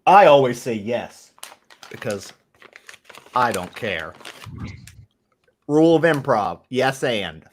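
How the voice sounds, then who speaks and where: Animated laughing man telling a game story. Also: medium pitch, takes it slowly, long pauses. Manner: animated, laughing, swearing, acts out quotes. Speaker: player in a tabletop game. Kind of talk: casual storytelling chat.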